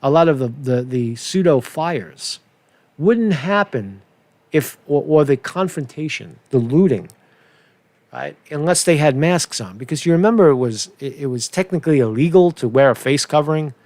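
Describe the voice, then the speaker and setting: A man's voice: a little high, animated, moderate pace, darkish tone, no echo. A man hosting a casual political commentary show, rambling and profane with many restarts.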